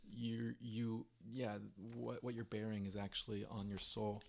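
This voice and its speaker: Podcast co-host, male, gravelly and monotone, earnest rambler. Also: lowish voice, measured pace. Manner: earnest, rambling with many fillers. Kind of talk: casual chat.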